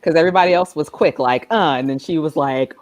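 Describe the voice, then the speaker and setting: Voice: medium pitch, fast talker, a little mellow, no echo. A co-host in a casual review chat who talks in a laid-back, profane way and acts out quotes from the show. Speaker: podcast co-host.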